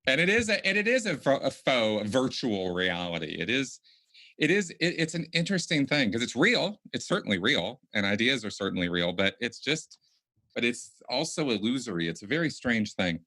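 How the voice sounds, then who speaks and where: A man hosting a conversational podcast, talking in a halting way with many restarts and repeated words. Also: mid-range voice, big pitch swings, pushed and bright. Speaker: podcast host.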